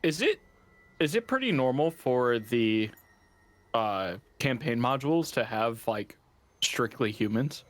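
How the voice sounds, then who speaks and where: A man playing a tabletop game, teasing and asking quick questions in casual table chat. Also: medium pitch, sing-song. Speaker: player.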